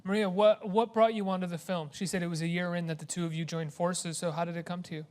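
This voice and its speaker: A man's voice: high-pitched, steady tone, fast, darkish tone. A man interviewing filmmakers, asking long questions that he often corrects midway. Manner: rambling, self-correcting questions. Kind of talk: interview conversation.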